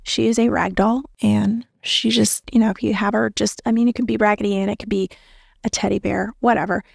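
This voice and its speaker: A woman's voice: mid-range voice, fairly even intonation, brisk, creaky, dry recording, clean studio sound. An American woman in her thirties hosting a podcast, talking casually and encouragingly with frequent fillers and laughs. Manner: chatty, encouraging, laughs often, many fillers. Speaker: podcast host, labor nurse. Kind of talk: casual instructional podcast talk.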